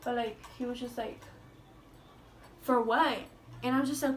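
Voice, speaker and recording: A woman's voice: high-pitched, normal speed, slight background noise. A young woman telling a school story in a casual storytime vlog, chatty and swearing, with lots of "like". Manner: chatty, swearing, heavy use of "like".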